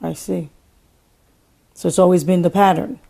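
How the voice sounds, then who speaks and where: Woman interviewer, gravelly and dark, low voice, asks gently. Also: normal speed. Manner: gentle, steady prompting with soft acknowledgments. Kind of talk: interview questions.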